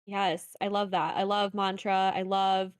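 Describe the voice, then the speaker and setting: Encouraging woman podcast co-host, smooth voice. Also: mid-range voice, flat delivery, measured pace. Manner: encouraging, earnest advice-giving. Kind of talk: casual podcast chat.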